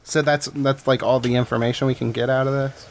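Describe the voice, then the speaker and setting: A man's voice: medium pitch, level tone, fairly quick, a little hiss or hum. A man playing in a tabletop game, chatting casually and teasing the others. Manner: laughing, teasing. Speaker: player.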